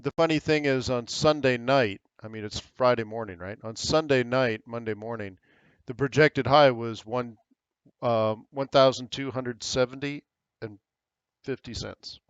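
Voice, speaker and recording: Smooth-voiced American man talking markets. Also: medium pitch, measured pace, no echo, lo-fi sound. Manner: casual, rambling, thinks aloud with fillers. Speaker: trading webinar host. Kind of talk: live market commentary.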